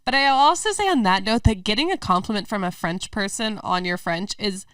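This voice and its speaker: A woman's voice: mid-range voice, expressive, fairly quick, fairly bright tone, clear, resonant tone, no echo. A woman as a podcast guest, chatty and amused, telling anecdotes in casual conversation. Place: garage. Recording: dry, slightly distant mic.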